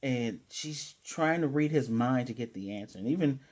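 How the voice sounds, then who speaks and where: A man's voice: medium pitch, normal speed, darkish tone. A man casually recapping an anime episode, chatty and self-correcting, with playful asides. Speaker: anime reviewer.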